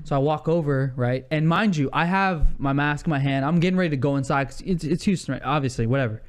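A man telling a rambling story in casual chat, animated and full of asides and restarts, swearing freely. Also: on the high side, quick pace.

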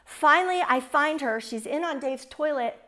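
A woman's voice: high-pitched, moderate pace, sharp tone. A woman in her forties telling a personal testimony to an audience in an earnest, fervent storytelling manner. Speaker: speaker sharing a testimony.

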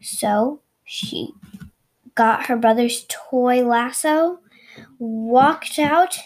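A woman's voice: a little high, slow pace, pauses often. A woman telling an improvised story, rambling with restarts and asides to her listeners.

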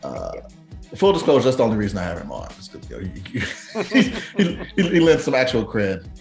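A man's voice: fairly low pitch, huge pitch swings, brisk, creaky, faint music behind. A man hosting a podcast quiz, chatting casually with his players, teasing them and laughing a lot. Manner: teasing and jokey, laughs often. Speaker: podcast host running a music quiz.

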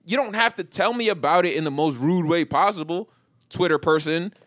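A man from New York hosting a podcast, telling animated, profane stories in casual banter. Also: a little high, a little fast, no room sound, clean studio sound. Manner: animated, profane storytelling with shifting energy. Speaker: podcast host.

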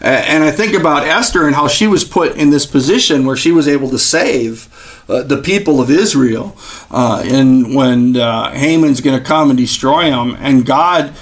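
A man's voice: medium pitch, moderate pace. A man hosting a podcast who speaks in an earnest, exhorting, preaching style, with frequent fillers. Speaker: podcast host.

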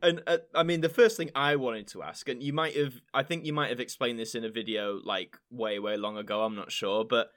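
A man's voice: mid-range voice, a little fast, few pauses, a bit bright. A man hosting a podcast, chatty and laughing often as he talks with a guest. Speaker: podcast host. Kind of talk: casual chat.

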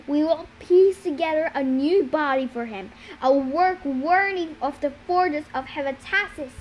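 A man's voice: very high-pitched, measured pace, slight background noise, low-quality recording. A woman voicing a scheming young male villain who speaks in a coaxing, persuasive way.

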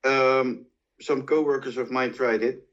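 A man's voice: medium pitch, fairly even intonation, unhurried, fairly bright tone. Hesitant male co-host, dull sound. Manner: hesitant, many fillers. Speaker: podcast co-host. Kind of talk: casual podcast chat.

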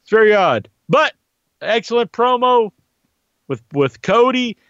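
A man's voice: high-pitched, animated, a little slow, fairly bright tone, no echo, highs cut off. A man talking casually in a rambling, profane monologue about wrestling. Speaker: wrestling commentator.

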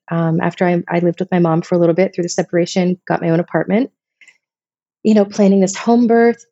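Mellow-voiced woman telling her story. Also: medium pitch, dry recording, highs cut off. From Vermont, US. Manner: emotional, rambling, many restarts. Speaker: podcast guest, photographer. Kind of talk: casual personal storytelling.

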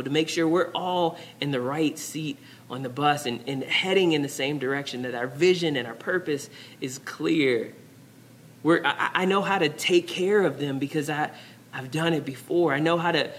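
A male pastor preaching a sermon in a church, telling a story with lively, casual slang and dropping to a near whisper for emphasis. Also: on the high side, a little hiss or hum. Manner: animated storytelling, acting out characters with casual slang. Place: church sanctuary.

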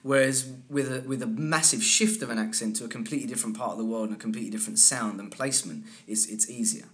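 Guy, coach, chatty and explaining, mid pitch, lots of yeah yeah yeah. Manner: explanatory, many quick agreeing "yeah"s. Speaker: accent and dialect coach. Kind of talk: casual interview talk.

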